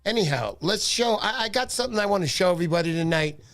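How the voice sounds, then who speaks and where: A man's voice: high-pitched, lively intonation, fast talker, fairly bright tone. A man hosting a casual fishing livestream, tired, greeting viewers by name in a friendly way.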